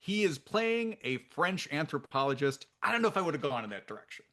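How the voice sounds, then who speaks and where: A man co-hosting a film podcast, his voice swinging up and down with lots of movement. His pitch sits a little high for a man. He chats casually and pokes fun at himself, often breaking into laughter. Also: fairly quick. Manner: animated, self-deprecating, laughs often. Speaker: podcast co-host.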